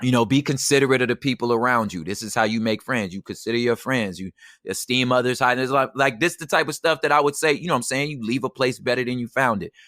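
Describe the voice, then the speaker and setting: A man speaks as a podcast guest in an easy, slangy way, leaning hard on key words. His voice is bright and forceful, at a middle pitch, and it sits dry and close to the mic. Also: no room sound. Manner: emphatic, slangy, peppered with "you know what I'm saying". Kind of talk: casual conversation.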